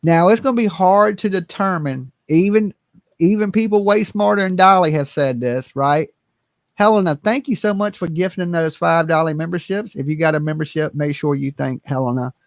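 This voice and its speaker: A man's voice: a little high, normal speed, dry recording, studio quality. A man hosting a live stream and commenting casually, rambling with lots of fillers and repeated "right?" questions to viewers. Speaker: livestream host.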